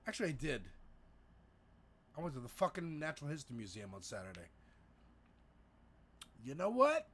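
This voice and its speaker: A man's voice: on the high side, huge pitch swings, normal speed, pauses often, a bit bright. A man co-hosting a casual political livestream, talking in a profane, rambling way with frequent restarts. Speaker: livestream co-host. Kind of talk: casual political talk stream.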